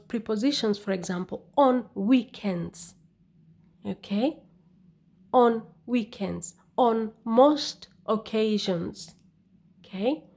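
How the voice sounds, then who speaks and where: A woman teaching an English exam lesson, speaking deliberately and often checking in with "okay?". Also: medium pitch, creaky. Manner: slow, deliberate, repeats "okay?". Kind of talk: scripted lesson narration.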